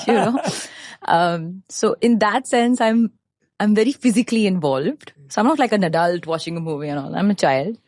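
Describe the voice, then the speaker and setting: A woman's voice: medium pitch, moderate pace, dry recording, studio quality. A woman in her thirties, a podcast guest in casual conversation, telling stories animatedly and acting out the voices of the people she quotes. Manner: animated storyteller who acts out quoted voices and laughs often.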